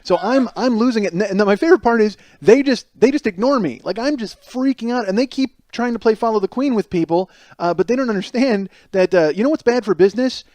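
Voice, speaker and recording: A man's voice: high voice, quick pace, few pauses, darkish tone, dry recording. A man hosting a podcast, telling a profane, self-mocking comic story alone and acting out the people in it. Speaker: podcast host. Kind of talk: comedic storytelling monologue.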